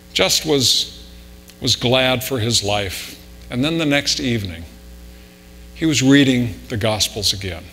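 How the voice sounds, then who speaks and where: A man's voice: mid-range voice, fairly bright tone, in a large hall, a little hiss or hum, rough recording. A male pastor retelling a story and leading a prayer in a church sanctuary. He often halts, repeating and restarting his words.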